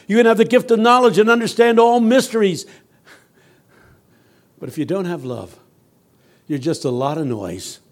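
Guy preaching a sermon, fairly high voice, goes loud then real quiet. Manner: storytelling preacher, swinging from loud to hushed.

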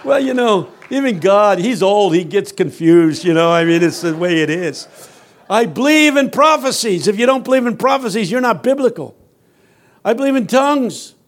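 Guy preaching a sermon, fairly high voice, goes loud then real quiet. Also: lively intonation, normal speed. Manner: storytelling preacher, swinging from loud to hushed.

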